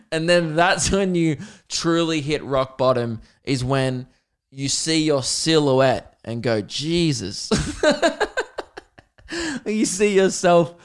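A man's voice: on the high side, lively intonation, takes it slowly, clean tone. A young Australian man hosting his own podcast, talking in a rambling casual monologue, laughing often and swearing freely. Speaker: podcast host.

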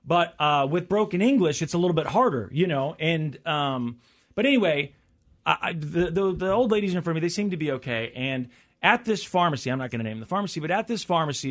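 A man in his forties in casual chat, an animated storyteller who acts out the people he quotes. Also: a little high, quick pace. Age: 40s.

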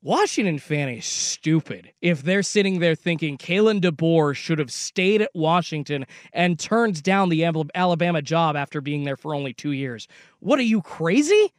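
A man co-hosting a sports radio show, arguing his points in an animated, casual way. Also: fairly high pitch, normal speed, no echo, studio quality. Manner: animated, argumentative.

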